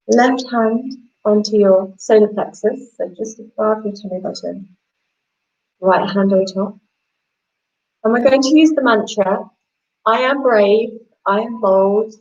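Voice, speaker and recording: Woman, yoga teacher, guided practice, slow, soothing, mid pitch, lo-fi sound. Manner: slow, soothing, gently encouraging. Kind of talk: guided yoga and meditation instruction.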